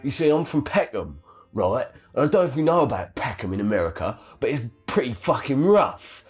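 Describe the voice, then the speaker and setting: Man as a cockney snake-charmer, crude, boastful, swinging pitch. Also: lightly acted. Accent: South London. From London, England. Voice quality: crude, laddish, swears constantly. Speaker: guest. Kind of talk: improvised comedy sketch.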